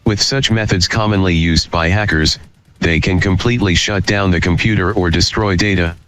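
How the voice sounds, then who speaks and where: A man co-hosting a podcast, reading a news article aloud in a steady manner. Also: sits low, normal speed, slight background noise.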